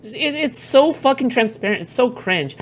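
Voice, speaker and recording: A woman's voice: mid-range voice, moderate pace. A woman streaming, reacting to clips in casual commentary, blunt and profane, rambling with lots of fillers.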